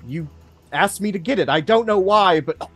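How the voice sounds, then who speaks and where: A man's voice: high voice, expressive, fairly bright tone, faint music behind, voice pushed up. A man doing a smug, sneering villain. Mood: taunting. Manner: smug, slow, drawling, hesitant. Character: cold, sneering older male villain merchant.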